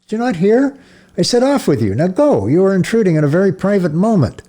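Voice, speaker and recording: A man reading a novel aloud, voicing a grieving male priest who swings from harsh commands to gentle coaxing. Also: sits low, sing-song, normal speed, husky, full character voice. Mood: shouting. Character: male priest, grieving, stern then tender. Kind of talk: audiobook character voice.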